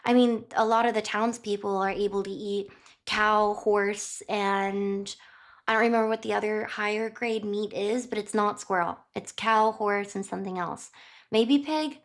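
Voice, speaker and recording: A woman's voice: medium pitch, steady tone, a little slow. A woman streamer casually recapping a book while tidying her kitchen, chatty and rambling, often correcting herself. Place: home kitchen.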